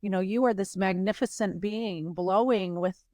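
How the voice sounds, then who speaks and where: A woman guest on a podcast, musing in a halting, spiritual way with many pauses. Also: medium pitch, a little mellow, no echo, studio quality. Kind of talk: reflective interview chat.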